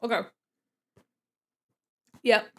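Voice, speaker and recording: Speaking very slowly in a pushed, bright voice, a young woman streams her art from home, her mic positioned away from her face. She's giggly and chatty, eating and talking with her mouth full.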